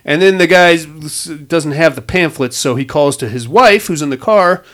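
A man's voice: a little high, normal speed, a bit bright. A man casually recapping a movie plot, rambling and swearing with wisecracks. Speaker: podcast host.

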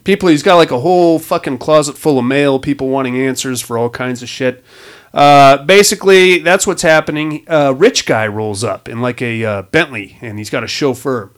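A man's voice: mid-range voice, normal speed. A man casually recapping a movie plot, rambling and swearing with wisecracks. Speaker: podcast host.

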